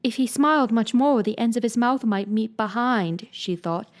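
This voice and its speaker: Woman narrating an audiobook, calm gentle storybook reading. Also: medium pitch, a little fast, hardly any pauses.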